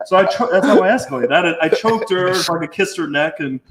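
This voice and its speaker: A man tells crude stories with blunt, profane energy, acting out what others said. His voice sits a little high for a man. The room around him rings with echo. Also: animated, a little fast, over a noisy crowd. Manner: swearing, blunt, acts out quotes. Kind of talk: crude casual storytelling.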